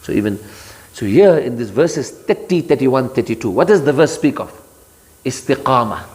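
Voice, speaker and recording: A man giving a sermon of Quran commentary, emphatic, rising into high rhetorical challenges and chanting Arabic verses. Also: animated, moderate pace, a little mellow. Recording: long hall reverb.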